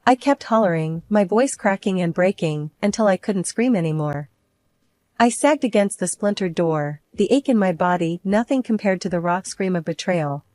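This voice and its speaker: A woman's voice: lowish voice, animated, moderate pace, dark tone, no echo. A woman narrating a dramatic first-person story in a tense telling.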